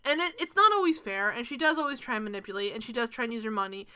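Young woman, fairly high voice, bright and crisp, casual recap chatter, lots of "like", casual swearing. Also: very fast. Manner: gushing, fillers of "like", swears casually. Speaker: podcast co-host. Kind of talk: casual chat recapping a TV show.

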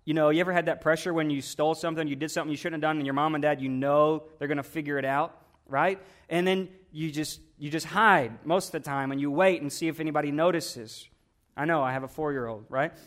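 A man's voice: fairly high pitch, fairly even intonation, fast talker, a bit bright. A man pastor preaching a sermon in a conversational way, asking rhetorical questions and often repeating his words.

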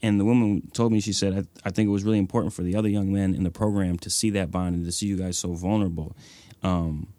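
A man's voice: sits low, steady tone, fast, dark tone, no echo. A young man, the guest of an interview, telling personal stories earnestly and filling his speech with "like" and "you know". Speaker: nonprofit executive director, guest. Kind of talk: reflective interview storytelling.

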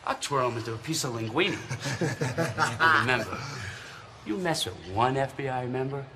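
A man's voice: medium pitch, lively intonation, moderate pace, crowd noise, pitched below the performer's own voice, close to an everyday voice. A man voicing a boastful Italian-American mobster wrestler with a thick put-on mob accent, over heavy noise.

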